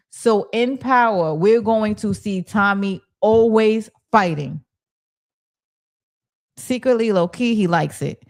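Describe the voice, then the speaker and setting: A woman hosting a casual TV recap stream, retelling scenes with lively quoted dialogue and breaking off to read viewer comments. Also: medium pitch, normal speed. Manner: animated storyteller, acts out characters' lines, reads viewer chat. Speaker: show recap host.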